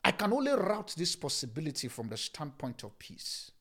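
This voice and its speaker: A man with a Nigerian accent preaching a sermon as a pastor, shouting scripture lines and then dropping to a calm, hushed voice. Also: fairly high pitch, normal speed, slightly rough.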